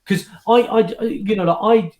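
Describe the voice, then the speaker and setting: Man, magician guest, casual chat, animated storytelling, echoey room. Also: high-pitched, a little slow. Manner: animated storyteller, restarts and fillers. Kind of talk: casual chat recounting anecdotes.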